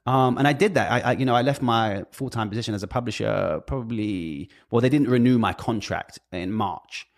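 British man, guest in casual chat, middle pitch, animated, profane storyteller. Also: fairly quick. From Britain. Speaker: guest, music industry worker.

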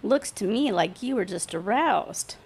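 A woman's voice: medium pitch, lively intonation, a little slow. A woman reading aloud, voicing a bossy woman bartender who taunts and gives orders. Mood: teasing. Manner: taunting, commanding.

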